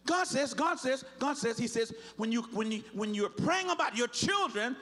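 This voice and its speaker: Male pastor, sermon delivery, very high bright voice, lively swings, escalates to shouting with stacked repetitions. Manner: builds from low measured teaching to loud shouting preaching; repeats words and restarts phrases for emphasis. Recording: live church sermon.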